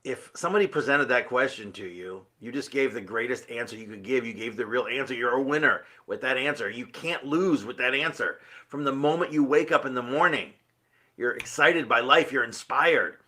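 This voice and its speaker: A man's voice: mid-range voice, moderate pace, pushed and bright. A man giving an earnest, emphatic motivational talk, full of rhetorical questions. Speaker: motivational speaker.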